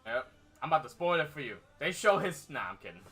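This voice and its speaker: A man's voice: on the high side, big pitch swings, fast talker, fairly bright tone, faint music behind. A man hosting a casual gaming chat stream, laid-back and laughing often, swearing freely. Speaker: streamer host.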